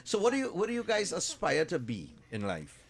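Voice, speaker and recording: A man's voice: a little high, huge pitch swings, a little fast, vocal fry. A man hosting live radio, chatting and teasing students in a jovial, loose way. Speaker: radio host.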